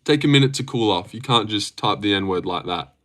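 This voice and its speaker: A man's voice: lowish voice, animated, fairly quick, a bit bright. A young Australian man hosting a casual livestream, reading chat, rambling and swearing with frequent laughs. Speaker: livestream host.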